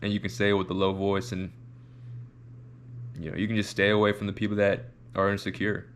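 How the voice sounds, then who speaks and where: Low-voiced man riffing on camera. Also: monotone, a little fast, slight background noise. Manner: rambling, repeats words, demonstrates voices. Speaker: reaction video host. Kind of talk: casual commentary.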